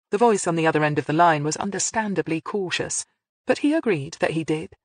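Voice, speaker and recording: A measured audiobook narrator reading a crime novel, at a middling pitch. The sound is dry and close, with no room around it. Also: no echo. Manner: measured storytelling.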